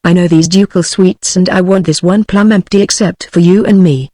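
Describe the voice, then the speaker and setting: A synthetic text-to-speech woman's voice reading the lines of a brash young male American millionaire in an audiobook, with even, unhurried delivery and no real character voice. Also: on the low side, dry recording, studio quality, lightly acted. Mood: blunt.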